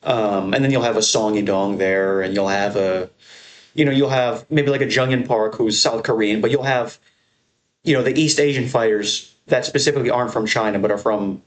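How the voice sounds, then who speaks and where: A young man giving casual, profane, rambling commentary on his channel, ranking fight crowds with excitement. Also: fairly low pitch. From American Northeast. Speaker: MMA content creator. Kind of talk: casual tier-list commentary.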